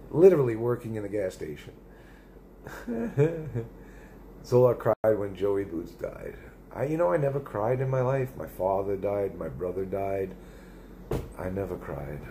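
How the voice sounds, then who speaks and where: A man's voice: lowish voice, dark tone, a little hiss or hum. A middle-aged man live streaming, rambling and swearing in casual chat as he reads viewer comments aloud. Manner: rambling and profane, with many restarts.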